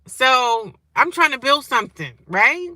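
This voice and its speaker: A woman in her forties vlogging straight to her viewers, defiant and sarcastic, jumping from loud outbursts to low mutters. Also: big pitch swings, measured pace, no room sound. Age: 40s. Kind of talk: casual direct-to-camera rant.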